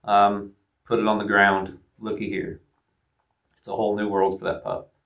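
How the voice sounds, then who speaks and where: Man, low voice, flat delivery, plain-spoken dog trainer, casual instructional talk. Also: brisk, muffled recording. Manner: plain-spoken, laid-back, repeats phrases. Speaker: hound trainer.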